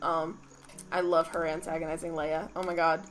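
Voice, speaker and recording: A young woman co-hosting a casual podcast about video games, animated and profane, swinging between gushing and mock outrage. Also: low voice, normal speed, background noise. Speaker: podcast co-host. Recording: faint background music.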